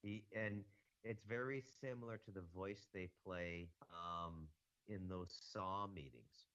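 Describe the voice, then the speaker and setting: Man, extremely low voice, rambling podcast guest, dry muffled sound. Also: a bit bright, clear, resonant tone, no room sound. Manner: rambling, halting with restarts. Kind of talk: casual conspiracy talk.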